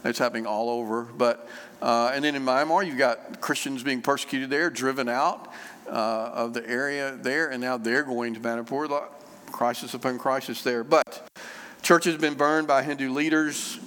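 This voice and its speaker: A man preaching a sermon in an easy, conversational way, stopping on fillers and going back over his phrases. His voice sits at an ordinary middle pitch. A long reverb hangs after each phrase, the sound of a church hall. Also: steady tone, moderate pace, a bit bright, clean tone. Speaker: pastor.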